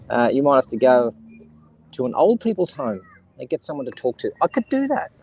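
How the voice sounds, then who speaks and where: A man's voice: medium pitch, big pitch swings, normal speed, pauses often, a little mellow, slight background noise, poor audio. A middle-aged Australian man rambling and joking with his live stream chat, outdoors by the seaside. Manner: rambling, jokey, talks to chat viewers. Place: outdoors by the seaside, kids and seagulls around.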